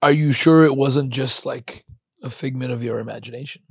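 A man's voice: mid-range voice, fairly even intonation, moderate pace, husky, no room sound, studio quality. A man hosting a casual interview, chatty and encouraging, cursing now and then. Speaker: podcast host.

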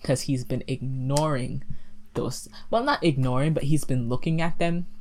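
A woman with a very deep voice speaks at normal speed over slight background noise. A podcast co-host, she casually recaps a movie plot in animated, giggly fashion, giggling often and filling with "like" and "um."

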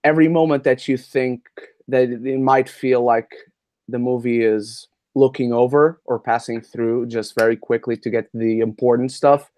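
A young man co-hosting a casual movie podcast, relaxed and swearing freely. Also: medium pitch, normal speed, dry recording, clean studio sound. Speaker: podcast co-host.

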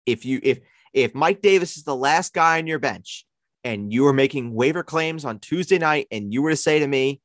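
A man with a Long Island accent hosting a casual sports chat, playful and animated. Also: normal speed, no echo, clean studio sound. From Long Island, New York. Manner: animated, playful, jumps between high and low pitch. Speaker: podcast host.

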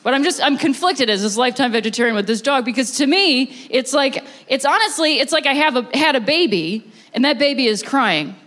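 A woman from Ohio performing a stand-up comedy set, dropping deadpan punchlines between laughing, self-mocking asides. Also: high-pitched, a little fast, few pauses. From Ohio, USA. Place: comedy venue with a live audience.

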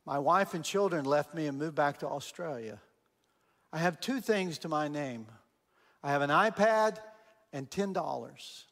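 A man speaking as a gruff Australian man, blunt and cussing at first, later broken. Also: a little high, unhurried, fairly bright tone, in a large hall, voice pushed down. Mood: tearful.

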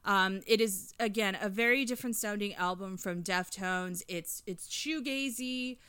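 A chatty woman in her thirties tells a music story with lots of fillers and plenty of enthusiasm. Her voice is bright and crisp. It sounds dry and close, with no room around it. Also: mid-range voice, measured pace, no echo. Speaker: podcast co-host reviewing an album. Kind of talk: casual podcast chat.

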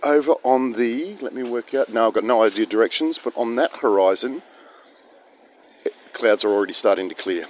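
A man's voice: fairly low pitch, a little hiss or hum. An Australian man telling a rambling, self-deprecating story outdoors, recorded on a phone. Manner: chatty, self-deprecating, digressive. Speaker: vlogger. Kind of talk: rambling casual monologue. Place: outdoors in misty rain.

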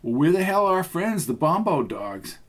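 Male reader playing a sassy woman in her thirties, lifted pitch, breezy and wisecracking. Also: very animated, moderate pace.

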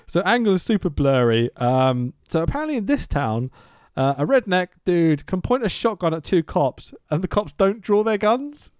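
A man chats on a podcast, his voice sitting a little high and swinging widely as he laughs and acts out scenes. The sound is close and dry, with no room around it. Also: normal speed, hardly any pauses, clean tone, no echo. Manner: animated, laughing, swearing, acting out scenes. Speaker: podcast co-host recapping a film. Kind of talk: casual chat.

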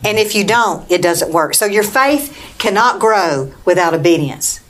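A woman's voice: medium pitch, lively intonation, unhurried, fairly bright tone. A woman preaching a Bible lesson, reading scripture aloud and calling "Amen?" to her listeners. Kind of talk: bible teaching talk.

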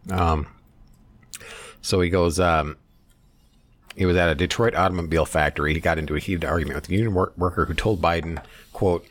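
A man's voice: low-pitched, fairly even intonation, a little fast, long pauses, fairly bright tone. A man hosting a podcast, chatting casually and loosely, with profanity, and reading out news quotes. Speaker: podcast host. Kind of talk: casual political chat.

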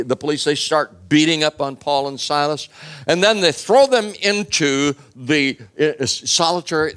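A man's voice: a little high, a bit bright, clear, resonant tone. A man preaching a sermon, retelling a story in a casual, humorous way with many fillers.

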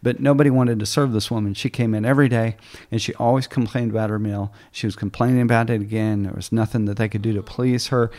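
A man's voice: on the low side, fairly even intonation, fast talker, hardly any pauses, a little mellow. A middle-aged man hosting a faith podcast, telling stories in an earnest, casual way with many restarts. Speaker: podcast host.

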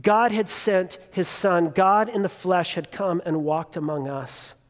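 A man's voice: sits high, a little slow. A man in his thirties preaching a sermon, telling a personal story in a conversational way with fillers and restarts. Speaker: pastor. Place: church sanctuary. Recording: long hall reverb.

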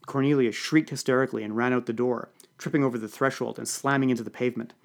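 A man narrating a first-person comic story for an audiobook podcast, with a dry, deadpan delivery. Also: mid-range voice, fast, creaky.

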